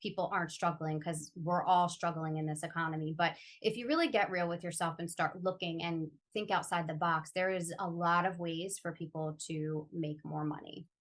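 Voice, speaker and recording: A woman's voice: fairly low pitch, fairly even intonation, moderate pace, hardly any pauses. A woman who works as a financial coach, answering interview questions candidly and sharing her own struggles in an earnest, heartfelt way. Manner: earnest, heartfelt, personal storytelling. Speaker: financial coach, podcast guest.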